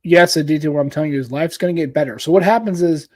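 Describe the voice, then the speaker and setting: Fast-talking host with a dry sound. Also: male voice, a little high, a little mellow, no room sound. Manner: quick, probing questions. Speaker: podcast host. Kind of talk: casual chat.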